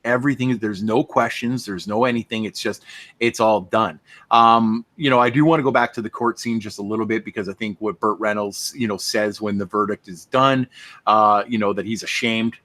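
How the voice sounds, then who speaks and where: A man co-hosting a casual film discussion podcast, talking in an animated, conversational way and laughing as he goes. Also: on the low side, normal speed, dry recording. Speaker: podcast co-host.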